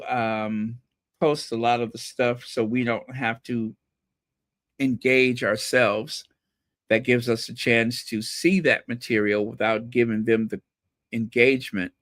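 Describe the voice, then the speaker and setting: Slow-talking man, chatty vlog host. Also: medium pitch, steady tone, a bit bright, no room sound, clean studio sound. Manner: chatty, rambling, repeats words for emphasis. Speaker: royal gossip channel host. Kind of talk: casual solo commentary to viewers.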